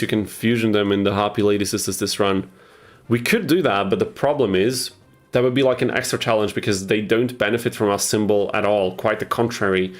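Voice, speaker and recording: A young man casually chatting on a live game stream, answering chat as he plays, on a headset mic. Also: lowish voice. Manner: chatty, reads and answers chat while playing.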